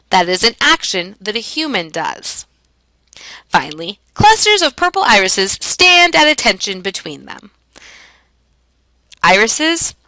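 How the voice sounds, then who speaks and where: A woman teacher explaining a lesson in a clear, emphatic way, asking and answering her own questions. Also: medium pitch, bright, forceful tone, dry recording, rough recording. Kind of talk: classroom lesson narration.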